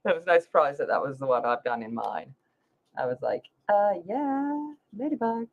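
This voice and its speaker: A woman's voice: extremely low pitch, very animated, moderate pace, gravelly. A woman hosting a casual livestream, chatting with viewers by name while she colors. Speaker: livestream host. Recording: slightly dull lo-fi sound.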